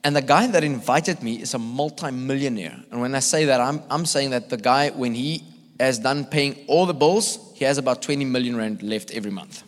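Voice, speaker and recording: A man's voice: medium pitch, brisk. Man preaching in echoey church hall. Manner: animated, acts out voices, laughs often. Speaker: visiting evangelist. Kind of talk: storytelling sermon. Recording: long church hall reverb.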